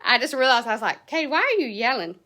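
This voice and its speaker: Woman, high-pitched, bright, blunt, passionate, motivational team talk. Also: very animated, quick pace. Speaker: direct sales team leader.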